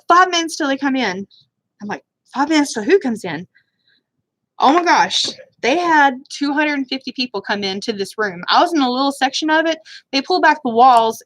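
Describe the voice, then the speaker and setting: A woman's voice: on the high side, fairly bright tone, no echo. A woman telling a rambling, self-deprecating story in casual chat while doing her makeup on a live stream, with a Southern US accent. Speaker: beauty vlogger. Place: home room, live stream.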